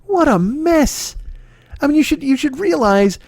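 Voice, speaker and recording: A man's voice: very high voice, expressive, measured pace, darkish tone, no echo, clean studio sound. A man hosting a comedy podcast, ranting solo, profane, with stammering restarts. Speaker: podcast host.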